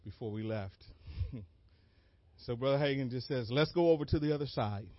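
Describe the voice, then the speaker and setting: A man preaching a sermon as an animated story, acting out moments with sudden shouted cries and laughing along. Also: medium pitch, moderate pace, no echo. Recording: dull lo-fi dry recording.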